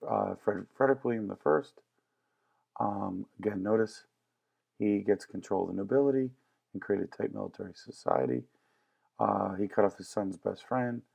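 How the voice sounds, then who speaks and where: A man's voice: on the low side, vocal fry, darkish tone, husky. A man teaching a history lesson in a casual, joking lecture style. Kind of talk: classroom lecture.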